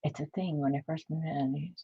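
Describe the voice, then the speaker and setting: A woman's voice: low voice, fairly even intonation, fast, breathy edge, dull audio. A woman hosting a crafting livestream, chatting casually and reading old-fashioned text aloud, stumbling over hard words and exclaiming in disbelief.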